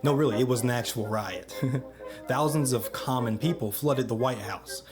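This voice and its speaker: A man's voice: medium pitch, normal speed. A man giving scripted history narration, with wry joking asides. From United States. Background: background music.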